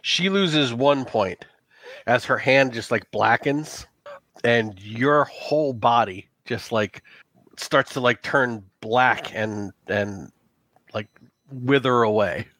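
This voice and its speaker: Man, game master, tabletop narration, halting, restarts, dry sound. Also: mid-range voice, fairly bright tone, dry recording. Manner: loose, halting, full of "like" and restarts.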